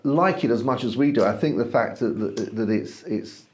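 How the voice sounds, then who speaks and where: A man's voice: mid-range voice, moderate pace, a little mellow. A man co-hosting a casual wine-tasting chat, enthusiastic and rambling, trailing off mid-sentence. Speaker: wine review co-host.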